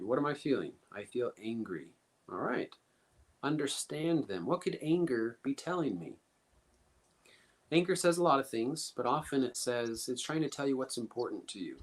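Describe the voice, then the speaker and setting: A man giving an instructive talk as a guest speaker, coaching listeners earnestly and asking many rhetorical questions. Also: mid-range voice. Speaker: guest speaker teaching emotional coping steps.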